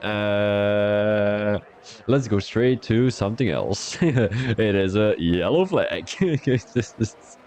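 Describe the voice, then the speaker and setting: A man's voice: lowish voice, slow, darkish tone. A young man from Belgium, giving chatty live-stream commentary on an online racing league and talking to his chat between calls.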